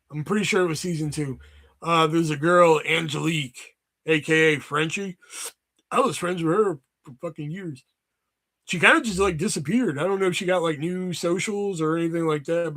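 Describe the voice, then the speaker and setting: A man's voice: on the high side, normal speed, fairly bright tone. A man hosting a live stream, chatting casually and ranting in mock anger with plenty of swearing. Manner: profane, rambling, mock-angry ranting. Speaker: livestream host.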